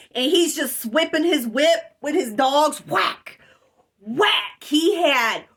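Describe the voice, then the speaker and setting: A woman with a bright voice and a fairly high pitch tells her story in a rambling, emphatic way. She talks unhurriedly, with plenty of pauses and filler words along the way. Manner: rambling, emphatic retelling of a dream. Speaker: vlogger. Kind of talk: casual storytelling.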